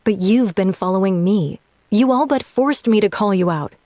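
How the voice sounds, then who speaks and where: A man's voice: high-pitched, fairly even intonation, moderate pace, gravelly, a little mellow, no echo, voice pushed up. A man reading an audiobook-style story, putting on the voice of a sarcastic, tipsy young woman who answers with biting exasperation. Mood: exasperated. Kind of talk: audiobook narration.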